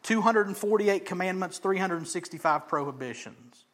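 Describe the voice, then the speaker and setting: A man with a notably high voice delivers a sermon. He moves between hushed, almost whispered passages and loud, emphatic lines, and he briefly acts out the people in his story. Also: lively intonation, normal speed. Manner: dynamic preacher, swings from loud emphasis to hushed near-whisper; acts out quoted voices of crowds and Jesus. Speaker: pastor.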